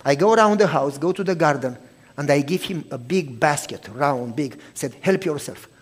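A man preaching by telling a story, acting out each person's lines and dropping to a hush for tender moments. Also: fairly high pitch, moderate pace, slightly rough. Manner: animated storytelling, acting out both sides of the talk; drops to a hushed, soft voice for tender moments. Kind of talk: sermon storytelling.

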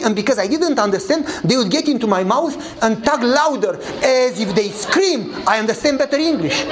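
Over a little hiss or hum on poor audio, a man preaches through a story in English. He's an animated pastor whose grammar is non-native, and he plays out the dialogue with changing pitch.

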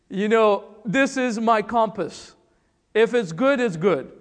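A man from the Republic of the Congo preaches with slow, deliberate emphasis and a high voice. He leans on rhetorical questions and dramatic pauses. His words ring through a church hall with a long reverb tail. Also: lively intonation. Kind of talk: sermon.

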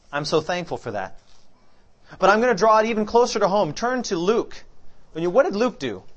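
Guy preaching, voice swings high and low, keeps asking the crowd to fill in the verse. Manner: questions the congregation and fills in the answers. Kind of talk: interactive sermon.

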